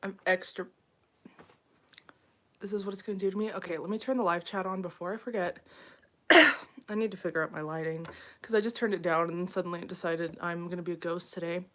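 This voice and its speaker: A woman's voice: on the low side, fairly even intonation, fairly quick, long pauses, pushed and bright. A young woman chatting casually on a home live stream, frazzled and full of fillers, talking to viewers as she reads the chat. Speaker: livestreamer.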